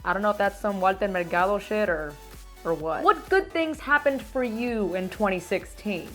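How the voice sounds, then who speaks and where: A young woman from Miami, vlogging casually about her year, animated and emphatic, dropping Spanish words and swearing. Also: medium pitch, normal speed, soft background music. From Miami, United States. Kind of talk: casual year-end vlog.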